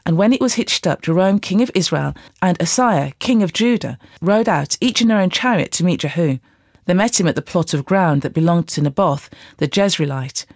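A Bible reader reading scripture aloud at a steady, even rate. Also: medium pitch, moderate pace, no echo, clean studio sound.

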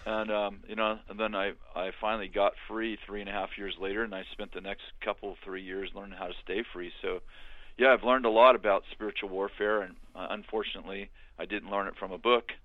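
An older man telling his story in a halting, conversational way, with many restarts, as a guest on a remote call. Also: lowish voice, fairly even intonation, no echo. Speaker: guest, author and minister. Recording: tinny phone-like line.

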